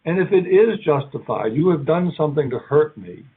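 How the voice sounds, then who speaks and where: A man giving an academic keynote lecture in a conversational, halting way, now and then acting out short quoted lines. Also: a little high, expressive, breathy edge. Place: lecture hall. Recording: tinny phone-like sound.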